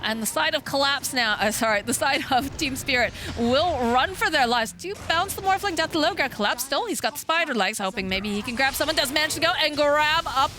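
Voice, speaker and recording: A woman giving energetic play-by-play commentary on an esports match, speeding up during fights. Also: high voice, a little fast, few pauses, faint music behind. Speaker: esports caster.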